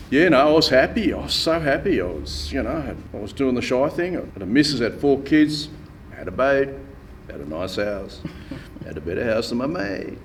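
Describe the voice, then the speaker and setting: A man's voice: medium pitch, far from the mic, slight background noise. A middle-aged man tells his faith story in a wry, laconic way and acts out the people he quotes. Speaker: church member giving testimony. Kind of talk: storytelling testimony. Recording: room ambience, voice a bit off-mic.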